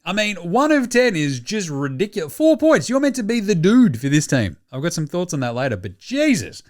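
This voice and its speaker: A man's voice: high voice, fairly quick. A man with an Australian accent hosting a sports podcast, joking and swearing in casual chat. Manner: profane, animated and joking. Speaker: podcast host.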